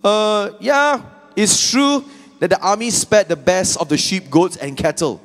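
A man voicing a proud, defensive male king making excuses, in a high, loud, self-justifying voice. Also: unhurried.

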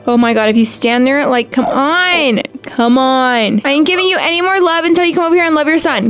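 A woman giving casual, sassy commentary while playing a game, scolding the in-game birds and squealing when excited. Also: high voice, a little fast, few pauses, faint music behind. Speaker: gaming YouTuber.

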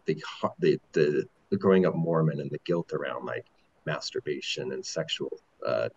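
A man in his forties telling his own story candidly as a podcast guest, halting and rambling with many restarts. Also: a bass voice, creaky, husky, lo-fi sound. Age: 40s.

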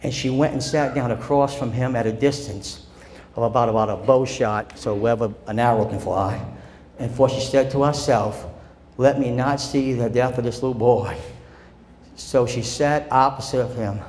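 Male pastor preaching a sermon. He is fervent and swings between loud and soft, and it is recorded in a church with a long echo and faint noise. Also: medium pitch, normal speed. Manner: impassioned preaching that swings from loud declarations to quiet storytelling. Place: church sanctuary.

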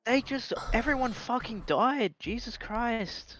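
A man in casual gaming chat, making quick game callouts and joking with friends. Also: extremely high pitch, crowd noise. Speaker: gamer.

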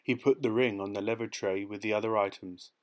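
A man reading a short story aloud as an audiobook narrator, in a measured, even manner. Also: fairly low pitch. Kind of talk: scripted narration.

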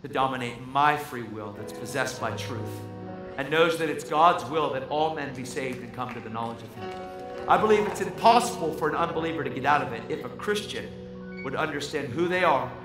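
A man's voice: mid-range voice, expressive, moderate pace. A man preaching a fervent, emphatic sermon and telling a story to the congregation. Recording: echoey hall with music.

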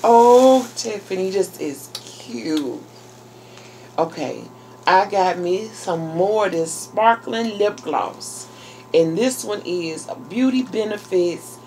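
A woman's voice: lowish voice, expressive, slow, darkish tone, slight background noise, rough recording. A woman in a casual unboxing vlog, talking straight to her viewers in an effusive, exclamatory way and gushing with delight as she opens each item. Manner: talks to viewers as "y'all" and "girl". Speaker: YouTuber.

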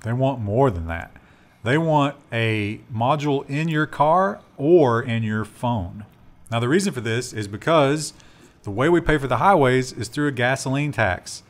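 A man's voice: mid-range voice, measured pace. A man co-hosting a casual tech news show, joking and chatting with fillers. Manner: lively, joking, trails off with fillers.

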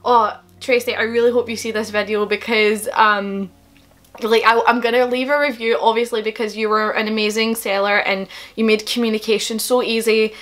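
A woman's voice: a little high, level tone, normal speed, fairly bright tone. A young woman vlogging an unboxing, gushing and emotional, gasping and giggling as she talks. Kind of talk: excited unboxing vlog.

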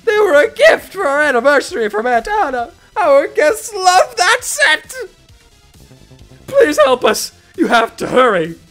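A panicky middle-aged homeowner, put on by a man reading game text, pleads in a high, loud, shrill voice. His lines jump around wildly. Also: sing-song, slow, few pauses, soft background music, full character voice. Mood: frantic.

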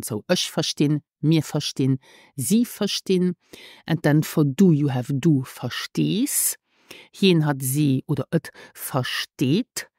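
A woman's voice: deep voice, warm tone, dry recording, studio quality. A woman teaching a podcast language lesson, speaking carefully and repeating phrases for learners.

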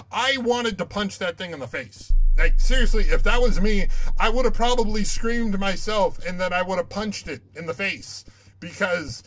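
Young guy yelling and cussing through a horror game, high bright voice, rambles and argues with the screen. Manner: jumpy, swearing, rambling, talks back to the game. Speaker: let's play gamer.

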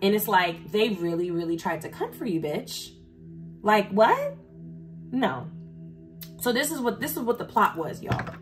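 This tarot reader has a mid-range voice with big pitch swings, speaking unhurriedly with long pauses. In a casual reading, she talks bluntly and profanely right to her viewers, getting heated and emphatic along the way. Faint background music plays.

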